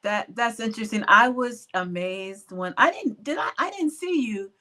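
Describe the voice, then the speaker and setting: A woman's voice: on the high side, animated, normal speed, pushed and bright. A woman hosting an interview, reacting enthusiastically and asking questions. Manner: enthusiastic, exclamatory. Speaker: interview host. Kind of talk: conversational interview.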